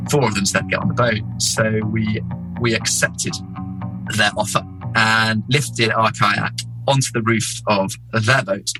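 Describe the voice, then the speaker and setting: A low-voiced man tells an expedition story in a casual, animated way. He fills his sentences with asides and "you know". Music plays clearly behind him. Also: slow, rough recording. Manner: animated, many fillers. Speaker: explorer guest.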